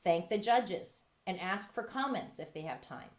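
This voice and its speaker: A woman presenting a workshop for music teachers, talking in a lively, emphatic way and acting out quotes with big jumps in pitch. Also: unhurried.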